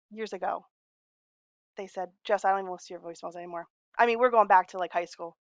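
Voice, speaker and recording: A woman's voice: mid-range voice, no room sound, muffled recording. A woman in her forties talking in a long, rambling, heartfelt personal message to friends, laughing often. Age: 40s.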